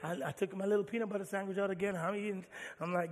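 Pastor guy telling stories in a sermon, bright high voice, big echoey church. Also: racing. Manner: animated storytelling, playful and folksy.

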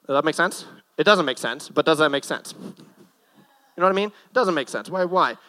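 A man's voice: a little high, animated, fairly quick, sharp tone, rough recording. A young man giving a casual, joking sermon from a church stage, with nervous self-deprecating asides. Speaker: guest preacher.

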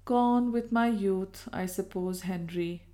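A woman voicing a frail, anxious wife who speaks quietly and sadly. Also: medium pitch, takes it slowly, lightly acted. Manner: quiet, sad, hushed.

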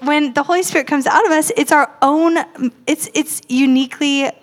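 A woman's voice: sits high, normal speed, a little hiss or hum. A woman who mentors people spiritually, talking in a bubbly, chatty way with many fillers. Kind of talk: casual chat.

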